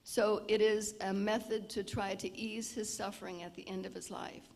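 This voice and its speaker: A woman giving an informal lecture with storytelling, often clearing her throat. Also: medium pitch, flat delivery, normal speed, darkish tone. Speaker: health presenter at a seniors' event. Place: church hall. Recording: long reverb of a large hall.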